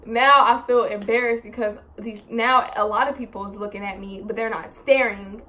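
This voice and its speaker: Telling a story on her vlog, a young woman speaks at a moderate pace in a mid-range voice. Her delivery is casual, animated and rambling, heavy on "like" and "so," with exasperated swearing.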